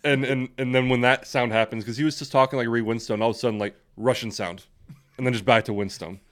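A man's voice: mid-range voice, fairly even intonation, fast talker. Rambling, laughing young man. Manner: laughs often, rambling with many restarts. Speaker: podcast co-host. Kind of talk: casual chat.

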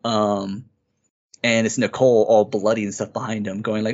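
In a dull lo-fi recording, a man with a lowish voice speaks at a moderate pace and in a level tone. Co-hosting a podcast, he rambles through a game's story in casual review chat, sounding eager and relaxed.

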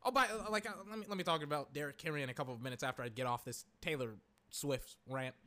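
A man chatting casually and excitably, rambling, swearing and exclaiming, his voice cracking. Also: a little high, quick pace. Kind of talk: casual chat.

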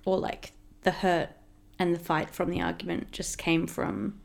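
A woman co-hosts a casual podcast with her partner. She talks loosely and rambles, laughing often, with a gravelly fry in her voice. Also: lowish voice, level tone, measured pace. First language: English. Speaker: podcast co-host. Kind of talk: casual couple's podcast chat.

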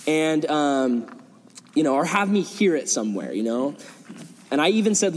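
A young man, a youth pastor, telling a story in a sermon, animated and acting out quotes with casual fillers, in a large hall before an audience. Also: a little high, fast talker. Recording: long reverb in a hall.

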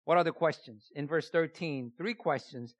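A pastor preaches a sermon with emphasis, repeating key phrases and often posing rhetorical questions to his listeners. His voice is fairly high in pitch, with a moderate pace and no room sound.

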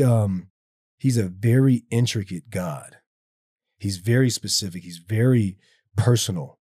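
A man's voice: medium pitch, darkish tone, slightly rough, no room sound. Guy chatting about faith, earnest and rambly, lots of likes, dry close sound. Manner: earnest, rambling, many "like"s and restarts. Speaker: guest speaking about faith. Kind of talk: casual faith conversation.

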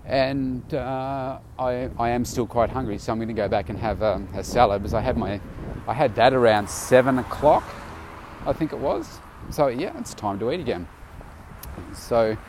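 A man's voice: mid-range voice, a little mellow, a little hiss or hum. A tired man casually recording an audio diary outdoors, rambling loosely with many fillers and restarts. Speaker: vlogger.

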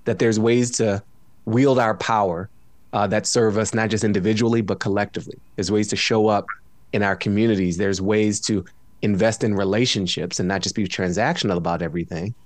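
A man's voice: on the low side, fairly even intonation, fairly quick, dry recording. A tired man, a podcast guest, talking casually from home with reflective asides and frequent laughs. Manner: reflective, jokey, laughs often. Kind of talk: casual conversation. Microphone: studio microphone.

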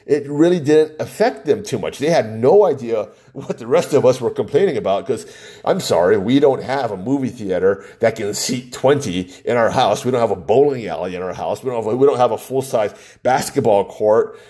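Man, podcast host, mellow dark voice, rambling, opinionated, casual solo talk. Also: mid-range voice, animated, fairly quick. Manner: rambling, opinionated, with frequent laughs and restarts.

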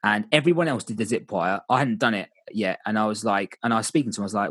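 A man's voice: lowish voice, quick pace, a bit bright, breathy edge, no room sound. A young man casually telling stories about coaching kids, candid and rambling, often restarting his sentences. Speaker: volunteer youth coach. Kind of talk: casual storytelling chat.

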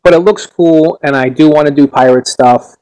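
A man's voice: on the high side, moderate pace, darkish tone, clean tone, low-quality recording. A man co-hosting a casual gaming podcast, enthusiastic and repeating his points.

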